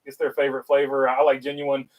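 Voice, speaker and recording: A man's voice: mid-range voice, monotone, quick pace, recorded from a distance, highs cut off. A man with a North Carolina Southern accent hosting a casual livestream, reading viewer chat aloud and rambling with lots of filler uhs.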